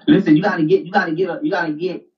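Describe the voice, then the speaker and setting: A man's voice: a little high, fairly even intonation, brisk. A man in a heated casual argument, insistent and lecturing, repeating phrases as he pushes his point. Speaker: debater. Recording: distant dull lo-fi mic.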